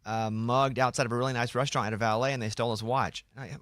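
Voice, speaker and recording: Male host, relaxed conversational delivery, dry close studio mic. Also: medium pitch, racing, no echo. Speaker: radio show host. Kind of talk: casual studio chat. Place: radio studio. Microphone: studio microphone.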